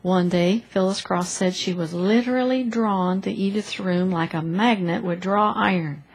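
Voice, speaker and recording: A woman's voice: mid-range voice, normal speed, breathy edge, low-quality recording. A woman reading a story aloud in a church service, expressively acting out the characters' lines.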